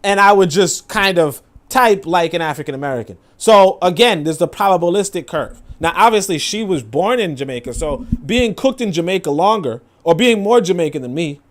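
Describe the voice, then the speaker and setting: A man's voice: sits high, lively intonation, normal speed, hardly any pauses. A man commenting casually on a clip, rambling with many fillers. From New York. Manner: rambling, filler-heavy, acts out quoted voices.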